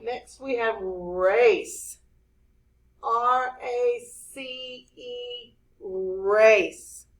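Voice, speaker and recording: A woman teacher, walking young children through spelling words one letter at a time. Her voice sits a little high, and she speaks very slowly and deliberately, leaving room for the class to repeat after her. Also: rough recording.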